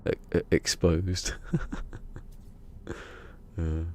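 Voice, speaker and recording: A man's voice: deep voice, flat delivery, drawn-out words, a little hiss or hum. A man chatting casually on a live game stream, joking and rambling with frequent laughter.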